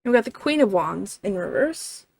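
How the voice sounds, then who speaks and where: A woman's voice: mid-range voice, big pitch swings, moderate pace, creaky, no room sound. A woman giving a casual tarot reading in a chatty way, full of fillers, often checking in with "right?" and swearing now and then. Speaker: tarot reader.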